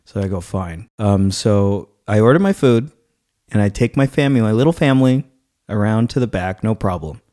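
A man in his thirties telling a story in casual chat as a podcast co-host, acting out the people he quotes. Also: moderate pace. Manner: animated storytelling, acts out quoted people with rising pitch.

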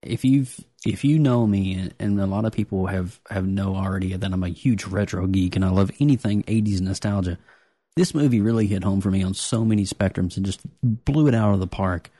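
A man hosting a casual pop-culture podcast, talking excitedly with lots of restarts and jokes. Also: low-pitched, brisk, breathy edge, dry recording. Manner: excitable, joking, many restarts. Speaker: podcast host.

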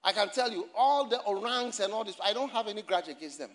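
A man preaching a sermon in a church, animated and often shouting and laughing as he addresses the congregation and online viewers. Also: high-pitched, fast talker. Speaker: pastor.

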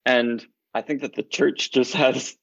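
Earnest male podcast guest, mid-pitched, dry close sound, slightly dull audio. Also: measured pace, creaky, dry recording. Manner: earnest and lively, laughs often. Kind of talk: casual chat about faith.

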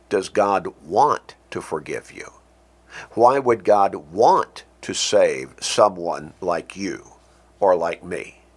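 A man preaching a sermon, slow and deliberate, stressing key words and closing in prayer. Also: lowish voice.

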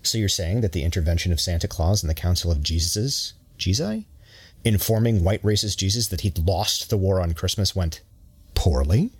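A man's voice: sits low, animated, moderate pace, breathy edge. A man voicing Santa's dry, ironic companion with a slight Minnesotan accent.

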